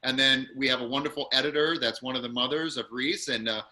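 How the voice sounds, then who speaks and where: A man's voice: medium pitch, fairly even intonation, quick pace, pushed and bright. A man hosting an acting class over a video call, upbeat and encouraging.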